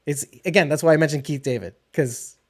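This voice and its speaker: Guy cohosting a tv show chat, laughs a lot, playful and animated. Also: on the high side, fairly quick. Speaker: podcast co-host. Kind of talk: casual chat about a TV show.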